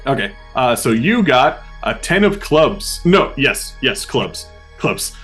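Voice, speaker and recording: A man's voice: mid-range voice, sing-song, takes it slowly, fairly bright tone, husky, faint music behind. A man playing a tabletop survival game with a friend, telling his character's days in a loose, swearing, laughing way. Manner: laughs often, swears, trails off and repeats himself. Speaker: player and podcast host. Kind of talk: casual tabletop game play with in-character journaling.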